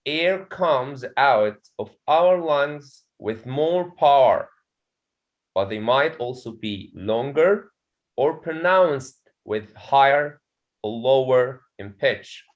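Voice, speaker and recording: A man's voice: medium pitch, muffled recording. A man with an Egyptian accent teaching an English pronunciation lesson in a classroom, often saying "okay" and checking that students follow.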